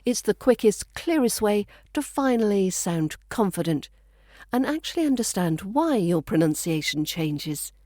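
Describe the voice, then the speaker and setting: A woman with a British RP accent teaching pronunciation, speaking slowly and clearly and repeating each word for practice. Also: mid-range voice, very animated, dark tone, no room sound, clean studio sound. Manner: slow, carefully enunciated, repeats words for practice. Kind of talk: scripted accent lesson.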